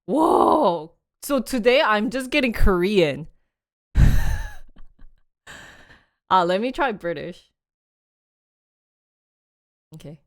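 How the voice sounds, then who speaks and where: A woman's voice: mid-range voice, animated, takes it slowly, vocal fry, pauses often, dry recording, clean studio sound. A young woman hosting a casual livestream, chatting in a rambling way, laughing often and reading short passages aloud. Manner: reads sample passages aloud to a phone app. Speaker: livestream host.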